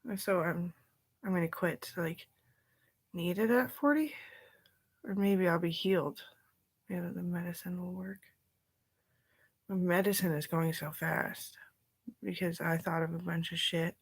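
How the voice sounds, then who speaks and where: A woman's voice: on the low side, fairly even intonation, measured pace, pauses often, husky. A woman talking in a loose, drifting casual monologue, often sinking into a whisper.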